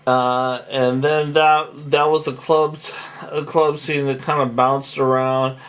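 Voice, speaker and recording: A man's voice: medium pitch, little pitch movement, slow pace, fairly bright tone. A tired man recapping a reality show in a rambling, casual monologue full of fillers and restarts.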